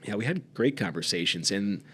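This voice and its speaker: A man co-hosting a podcast, telling stories in casual conversation and acting out quoted voices by raising his pitch. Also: fairly quick, a little hiss or hum. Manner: relaxed, acts out quoted voices with raised pitch. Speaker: podcast co-host.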